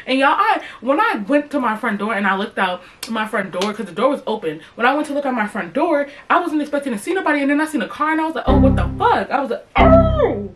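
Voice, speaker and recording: Profane animated young woman storyteller. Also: sits high, fast talker, hardly any pauses, music in the background, rough recording. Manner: profane, animated, talks straight to viewers. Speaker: storytime vlogger. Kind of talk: casual storytime monologue.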